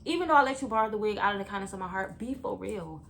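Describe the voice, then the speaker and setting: A young woman vlogger telling a story to her viewers in a chatty, animated way. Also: mid-range voice, very fast, slight background noise. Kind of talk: story time vlog.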